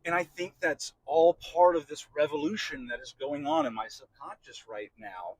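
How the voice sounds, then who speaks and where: A middle-aged man hosts a podcast, delivering a candid personal monologue that rambles, repeats itself, and is full of swearing. His voice sits on the high side and sounds husky, moving at a moderate pace. The recording is rough but has no echo.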